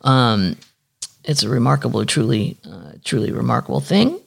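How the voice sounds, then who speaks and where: A chatty podcast host with a gravelly voice rambles through stories. The host swears freely and reads news aloud with sarcastic asides. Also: mid-range voice, big pitch swings, moderate pace. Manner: candid, profane, rambling. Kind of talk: casual chat.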